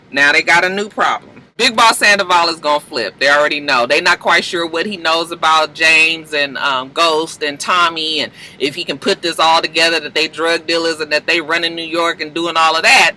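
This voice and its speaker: A man talks through a TV episode in a loose, slangy, profane way and acts out what the characters say. His voice is very bright and cutting, sitting somewhat high. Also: normal speed, rough recording. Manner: animated storyteller, acts out characters' lines. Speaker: TV recap vlogger. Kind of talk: casual episode recap.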